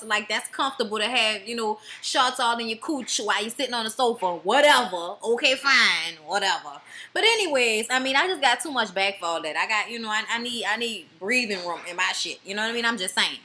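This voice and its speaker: A woman's voice: a little high, bright, forceful tone, a little hiss or hum. A woman giving a blunt, profane and sassy casual review of a reality show.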